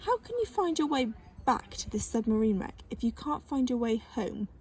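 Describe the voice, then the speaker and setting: A woman's voice: a little high, very animated, moderate pace, a little mellow, slight background noise. A woman voicing a curious, anxious boy in a storybook reading. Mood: worried.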